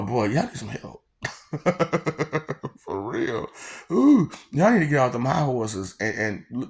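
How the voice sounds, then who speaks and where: Gravelly-voiced man in a mocking rant. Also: medium pitch. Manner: laughs often between lines, teasing and mocking; rambling, repeats phrases, stumbles on words. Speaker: vlogger.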